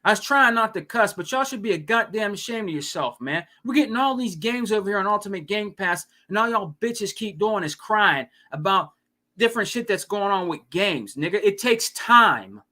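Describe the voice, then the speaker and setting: A man's voice: sits high, animated, moderate pace, sharp tone. A man hosting a casual live stream, ranting and swearing, with lots of "you know what I mean.". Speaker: podcast host.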